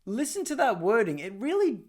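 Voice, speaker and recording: Sarcastic Australian man with a high voice. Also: very animated, brisk, darkish tone. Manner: mocking, sarcastic, laughs at clips. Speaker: political commentary host. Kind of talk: casual commentary over clips.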